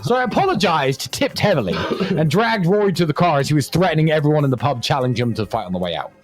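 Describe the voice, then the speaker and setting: A man's voice: on the high side, quick pace, over music. A man from England, a podcast host, telling a casual story and acting out the quotes with gusto. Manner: animated storyteller, acts out quotes.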